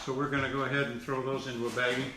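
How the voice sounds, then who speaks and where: A man cooking on a live stream from a home kitchen, talking in a relaxed way and often restarting his words. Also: medium pitch, rapid-fire, distant mic. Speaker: co-host preparing the recipe. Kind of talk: casual live cooking chat. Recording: echoey room, voice off-mic, noisy.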